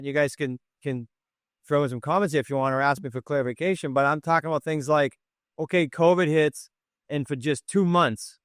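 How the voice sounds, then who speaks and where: A man's voice: a little high, a bit bright, smooth, no room sound, studio quality. A man hosting a podcast in casual chat, joking and rambling as he thinks aloud. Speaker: podcast host and coach.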